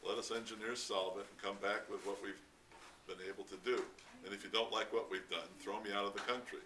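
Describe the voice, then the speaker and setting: A man voicing a gruff older American construction engineer who speaks bluntly and swears impatiently, read from a distance with faint noise. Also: fairly low pitch, steady tone, brisk, pushed and bright. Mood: exasperated.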